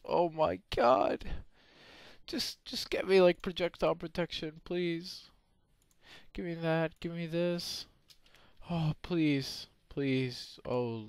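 A young man giving game commentary, excitable, often yelping and screaming when in danger. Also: medium pitch, clean tone, no room sound. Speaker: gameplay commentator.

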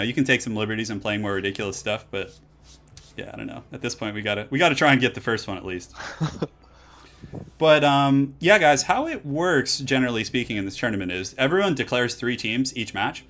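A man's voice: medium pitch, expressive, fairly quick, a bit bright. A man casually chatting while streaming a strategy game, laid-back and laughing often, trailing off into fillers. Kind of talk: casual gaming stream chat. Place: home, California.

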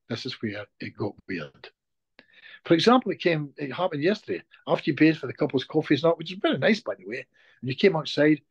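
Animated Scottish man telling a story. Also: on the high side, slightly rough, no echo, dull audio. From Scotland. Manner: animated, repeats words when moved. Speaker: hypnotist guest. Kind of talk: emotional storytelling in conversation.

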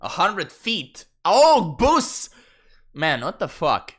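A man's voice: sits high, wildly swooping pitch, takes it slowly, fairly bright tone. A man streaming a game in casual, profane commentary, laughing and getting sidetracked. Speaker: gaming streamer.

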